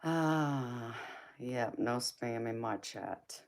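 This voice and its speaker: A woman's voice: rumbling low, drawn-out words, a little mellow. A woman reading tarot on a live stream, talking casually with her chat and laughing often between remarks. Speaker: livestream tarot reader. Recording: noisy livestream audio.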